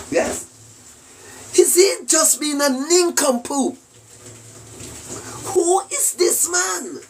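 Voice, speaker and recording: A man's voice: very high-pitched, fairly bright tone, distant mic, a little hiss or hum. A Jamaican man giving a rambling, preachy monologue full of rhetorical questions and mocking laughter. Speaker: self-styled spiritual commentator.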